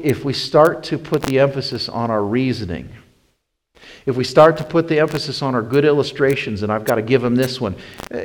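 A man's voice: mid-range voice, low-quality recording. Man preaching with surging, repeated emphasis. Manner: swings from loud, rising emphasis to hushed, slow delivery; repeats phrases and restarts, addresses listeners as "my friends". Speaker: pastor. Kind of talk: sermon.

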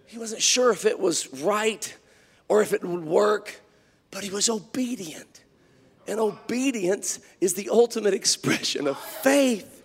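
A man preaching a sermon, telling a story with frequent hallelujahs and building to shouts. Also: sits high, measured pace, vocal fry. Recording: long hall reverb.

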